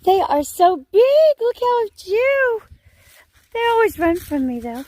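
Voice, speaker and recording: A woman's voice: very high-pitched, big pitch swings, takes it slowly, darkish tone, dry recording. A woman, walking along a cattle fence outdoors and calling to the cows in a coaxing, sing-song way. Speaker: vlogger. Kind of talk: casual vlog, talking to cattle.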